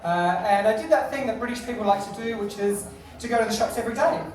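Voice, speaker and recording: A woman's voice: a little high, fast, a little mellow. A woman with an Australian accent doing a crude, self-deprecating, chatty stand-up set on a comedy club stage. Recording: echoey club, distant mic, crowd.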